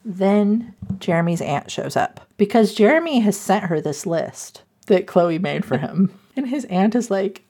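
A woman's voice: mid-range voice, measured pace, few pauses. A woman casually retelling a romance novel's plot, laughing often and acting out the characters' lines. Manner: animated, laughs often, acts out quotes. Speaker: podcast host recapping a book. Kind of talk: casual chat.

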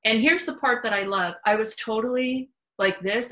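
A woman hosts a relaxed, open conversation in a bright, clear voice. She tells her stories in a lively, frank way and drops the odd swear word. Her pitch sits in the middle of the range. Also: normal speed, rough recording. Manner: animated, candid, salty storytelling. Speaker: host. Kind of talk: casual chat.

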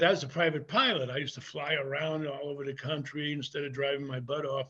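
Gravelly older man telling wrestling stories. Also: on the high side, lo-fi sound. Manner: rambling, animated anecdotes with laughs. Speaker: former wrestler, guest. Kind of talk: casual interview storytelling.

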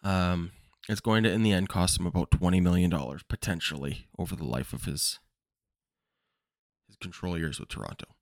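A man's voice: low-pitched, normal speed, no echo, studio quality. A man hosting a baseball podcast, giving casual opinionated commentary and thinking aloud with frequent ums. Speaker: podcast host.

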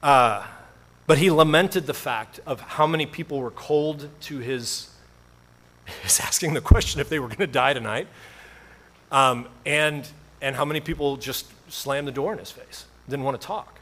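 A man's voice: mid-range voice, normal speed, a bit bright. A male pastor preaching a sermon in a conversational storytelling way, with self-deprecating humor.

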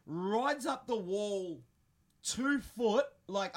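A young man telling a story in casual podcast chat, animated and swearing constantly. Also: high voice, drawn-out words. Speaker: podcast co-host.

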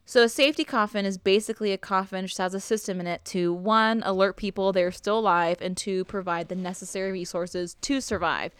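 Smooth-voiced young woman telling a spooky story. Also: mid-range voice, steady tone, a little fast, few pauses, a bit bright, no room sound. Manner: chatty, swears freely, laughs while telling. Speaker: podcast host. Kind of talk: casual storytelling chat.

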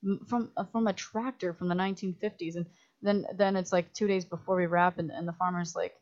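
A woman guest on a casual podcast, telling stories in an animated way with lots of "like" and acted-out quotes. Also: fairly low pitch, fairly quick, lo-fi sound. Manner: animated storytelling, many "like"s, acts out quotes. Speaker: guest filmmaker.

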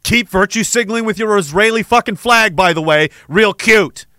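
A man's voice: sits high, a little fast, pushed and bright, no echo, clean studio sound. A man hosting a podcast, delivering an angry, sarcastic, profane monologue. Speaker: podcast host. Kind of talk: ranting monologue.

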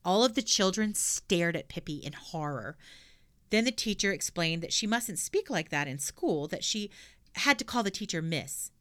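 A woman reading a children's storybook aloud with an expressive delivery. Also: on the low side, normal speed.

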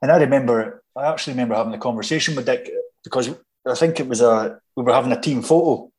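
A Scottish man, a former footballer, chatting casually and telling stories with halting restarts. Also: mid-range voice, a little mellow, low-quality recording. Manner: halting, many restarts, anecdotal. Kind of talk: casual chat.

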